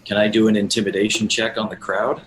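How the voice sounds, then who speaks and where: A man playing a tabletop game, asking about his moves in an unhurried casual way and laughing often. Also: lowish voice, level tone, slight background noise, poor audio. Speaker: player.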